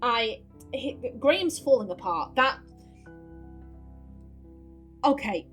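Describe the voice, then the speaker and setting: A woman hosts a let's play and comments earnestly on the story. She talks in a fairly high voice with a worried tone. Faint game music plays underneath. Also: expressive, slow pace, fairly bright tone.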